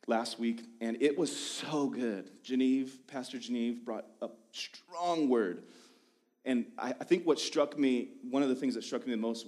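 A man in his thirties who is lead pastor, preaching in a church with casual, self-deprecating jokes and tangents. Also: mid-range voice. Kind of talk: sermon with casual storytelling. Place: church sanctuary.

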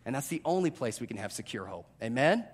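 A man's voice: medium pitch, fast talker, breathy edge. A man in his thirties preaching a sermon as pastor, telling stories about himself and speaking straight to his congregation. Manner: animated, self-deprecating storytelling with direct audience address.

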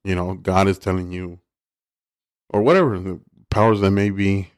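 Very deep-voiced relaxed podcast host. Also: male voice, normal speed, no echo, clean studio sound. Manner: relaxed, agreeable, lots of short backchannels. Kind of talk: casual podcast chat.

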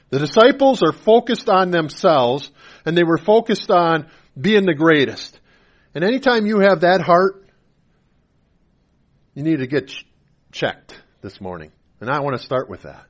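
Impassioned preacher man, fairly high voice. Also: very animated, unhurried. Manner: builds from quiet storytelling to loud, impassioned preaching; conversational, with repeated phrases. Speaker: pastor. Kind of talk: sermon.

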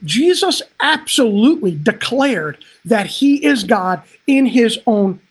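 Pastor, livestream sermon; husky, fervent, talks straight to the flock. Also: mid-range voice, very animated, slow. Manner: impassioned, swelling to emphatic peaks; frequent "man" interjections, direct address.

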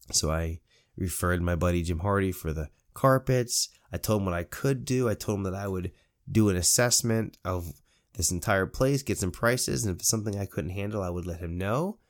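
A man runs a cleaning business and tells a personal story in a casual, animated way. He acts out the people in it and closes with encouragement. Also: lowish voice. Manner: animated, quotes people in lively voices; encouraging, preachy at the end.

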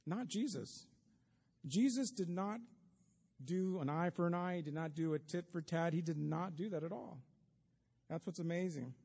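A man with a fairly high but dark, mellow voice preaches a sermon, chatting with the congregation and dropping in wry asides. His words ring out with a long reverb, as if in a big church sanctuary. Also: normal speed, gravelly. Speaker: pastor. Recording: long reverb of a large hall.

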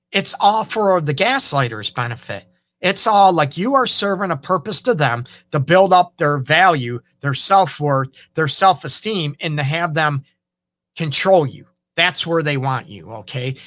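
Bright-voiced man giving relationship advice. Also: fairly high pitch. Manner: conversational, often checks in with "okay?" and "you know". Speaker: relationship counselor and show host. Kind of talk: casual advice talk.

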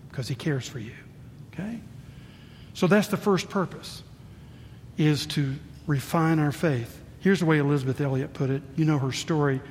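An older man preaching a sermon as pastor, swinging between booming emphasis and hushed asides. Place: church sanctuary. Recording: reverberant church hall, faint rumble.

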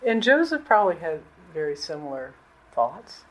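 A middle-aged woman pastor preaching a conversational sermon in a casual, colloquial way, often jumping higher in pitch to stress a point. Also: very animated, a little slow, low-quality recording.

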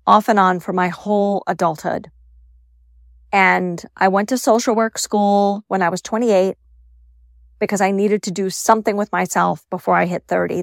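Gravelly-voiced woman telling a personal story. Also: mid-range voice, dry recording, studio quality. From Staten Island, New York. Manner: candid, conversational, wry asides. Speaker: podcast host.

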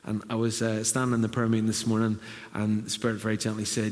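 A man's voice: fairly low pitch, a little fast, a little mellow. Middle-aged guy preaching in a church hall, chatty, slips into voices for quotes, lots of reverb. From Northern Ireland. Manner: conversational, acts out quotes in raised voice. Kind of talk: sermon.

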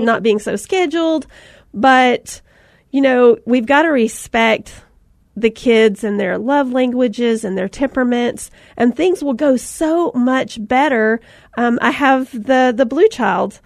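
A middle-aged mother hosts a podcast with warm, loose chatter, laughing easily and poking fun at herself. Her voice sits a little high and the recording is dry and close, with no room sound. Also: vocal fry, no echo. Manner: laughing, self-deprecating, animated anecdotes. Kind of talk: casual podcast chat.

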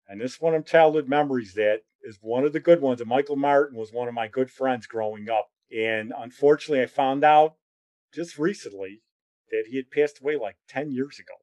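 A middle-aged man telling personal memories in a casual, rambling way. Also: moderate pace. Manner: rambling, conversational, drops lower and quieter when reflective. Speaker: storyteller.

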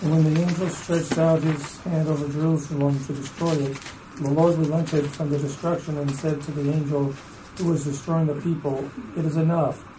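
A man's voice: fairly high pitch, flat delivery, normal speed, background noise. A man in a Bible study class reading scripture aloud carefully, stumbling over hard names.

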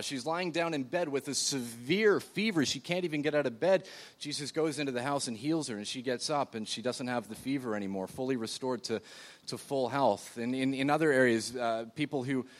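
A man preaching a sermon in a church, talking in a loose, conversational way with frequent fillers and restarts while seated. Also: mid-range voice. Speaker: pastor.

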